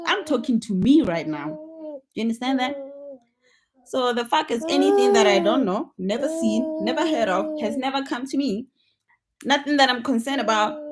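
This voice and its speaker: A woman vlogger giving an unscripted motivational monologue, emphatic and repetitive in a preachy way. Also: a little high.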